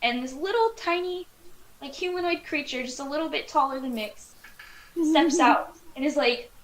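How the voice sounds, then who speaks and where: A woman's voice: high-pitched, normal speed. A woman narrating as game master in a casual, rambling way, full of fillers. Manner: rambling, filler-heavy, giggly describing.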